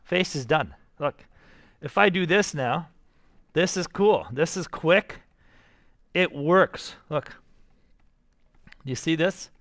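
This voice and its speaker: A man's voice: on the high side, slow, long pauses, dry recording. Enthusiastic male art teacher, dry sound. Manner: energetic, enthusiastic, talks straight to students. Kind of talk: classroom drawing demonstration.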